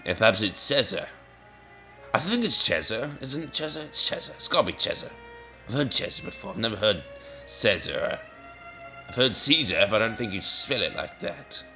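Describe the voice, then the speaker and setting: Bright, rambling male gamer. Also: lowish voice, big pitch swings, normal speed, gravelly, soft background music. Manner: rambling, self-mocking, easily sidetracked. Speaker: gaming video host. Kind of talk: casual rambling gameplay commentary.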